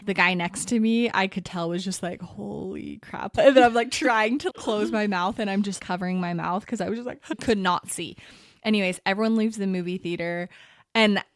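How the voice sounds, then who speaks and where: An expressive woman in her thirties co-hosts a chatty podcast, jumping into other people's voices as she tells a story. Her voice sits at an ordinary middle pitch. The sound is close and dry, with no room around it. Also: fairly quick, no echo. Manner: animated storytelling, acting out quotes. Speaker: podcast co-host. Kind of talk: casual chat.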